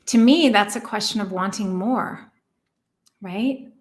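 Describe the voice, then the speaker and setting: An earnest woman talks as a relationship coach, her pitch sitting in a middle range. She asks one reflective question after another and drags out the key words, then hurries through her asides. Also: expressive, slow. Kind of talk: coaching monologue.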